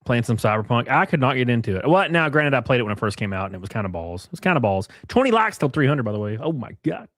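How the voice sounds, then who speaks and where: A man's voice: medium pitch, very animated, fast talker, few pauses, a bit bright, no echo, studio quality. A man hosting a casual livestream, talking bluntly with plenty of swearing and reading out viewer messages. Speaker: livestream host.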